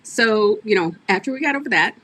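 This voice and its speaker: A woman's voice: mid-range voice, a little fast. A woman coach hosting a casual interview over a video call, talking animatedly and laughing often. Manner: animated, laughs often, addresses audience as "y'all". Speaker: business coach and podcast host.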